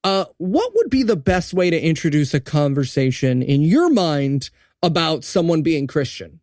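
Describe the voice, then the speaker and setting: A man's voice: on the high side, sing-song, normal speed, a little mellow, no echo, clean studio sound. A man co-hosting a comedic movie review podcast, riffing sarcastically. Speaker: podcast co-host.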